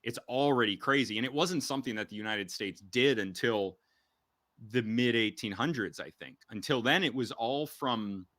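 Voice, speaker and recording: Bright, emphatic man on a podcast. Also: mid-range voice, moderate pace, dry recording, studio quality. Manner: rambling, emphatic, many restarts. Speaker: podcast host. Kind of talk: casual podcast conversation.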